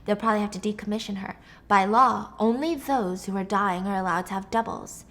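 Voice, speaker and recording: A woman voicing a calm doctor who speaks hesitantly at first, then directly and evenly. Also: mid-range voice, fairly quick, close to an everyday voice. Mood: reassuring. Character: calm soft-spoken doctor delivering news.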